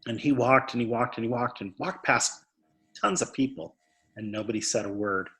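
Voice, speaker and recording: A suicide prevention speaker tells a story earnestly in an interview, often repeating words to stress a point. His mid-range voice is fairly bright at normal speed.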